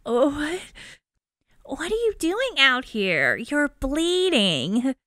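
A woman voicing a kind, concerned woman neighbor in a game, speaking gently, soothingly and insistently. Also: high-pitched, sing-song, extremely slow, no echo, clean studio sound, full character voice. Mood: gentle concern. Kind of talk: voiced game dialogue.

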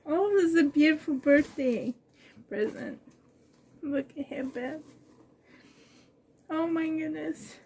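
Slight background noise accompanies this reborn doll collector's vlog as she unboxes a present, letting out breathy, gushing exclamations. Emotional and a little shaky, she drags each word out very slowly in a high, mellow voice.

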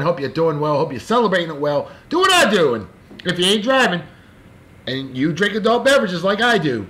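A man hosting a casual show, giving boisterous, jokey birthday shout-outs in a folksy way. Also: high-pitched. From California. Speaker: show host.

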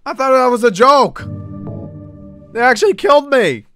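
High-pitched guy joking through a horror game, bright voice, swears a lot. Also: animated, normal speed, soft background music. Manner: jokey, loud reactions, swearing. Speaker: gaming streamer. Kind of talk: casual let's-play commentary.

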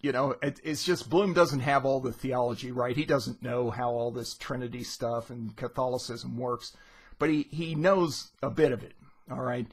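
A man's voice: medium pitch, steady tone, normal speed, slightly rough. A man teaching literature in a casual, conversational lesson, retelling scenes with rising emphasis.

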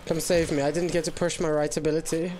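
A man's voice: on the high side, quick pace. A young man chatting jokily while playing a video game, now and then slipping into silly voices. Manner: jokey, excitable, often slips into silly voices. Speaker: gamer host. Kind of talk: casual gaming chat.

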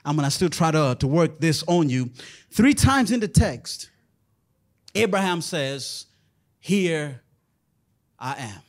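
Preaching from the pulpit, this man moves from booming, shouted lines to soft, low passages. He's expressive and takes his time, never rushing.

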